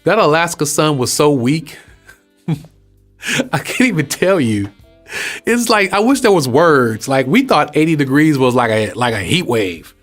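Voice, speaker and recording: A man from Texas talking casually to his audience as host, preaching in a lively, conversational way and asking them questions. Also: on the high side, unhurried, soft background music. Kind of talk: casual spoken teaching.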